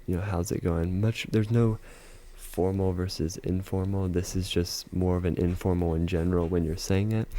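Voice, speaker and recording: A man with a deep voice teaches a casual video lesson. His tone is warm and relaxed, and he works through each point step by step. He pads his talk with easy fillers and says example phrases slowly. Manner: explains step by step, repeats phrases slowly, fillers like "you know". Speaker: language teacher.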